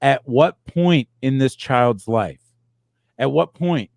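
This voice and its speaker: Man, comedy podcast co-host, mid-pitched voice, rambling and meandering, dry close recording. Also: slow, gravelly, darkish tone, no room sound. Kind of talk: casual comedic chat.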